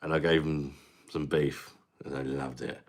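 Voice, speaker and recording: A man's voice: very deep voice, fairly even intonation, moderate pace. A man hosting a live stream, chatting casually with viewers, laughing often and greeting them by name. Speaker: livestream host reading chat.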